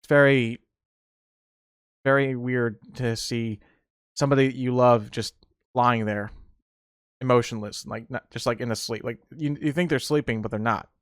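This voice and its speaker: A man's voice: mid-range voice, fairly even intonation, moderate pace, long pauses, no echo, clean studio sound. A young man hosting a casual solo podcast, telling rambling stories with laughter and restarts. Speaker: podcast host.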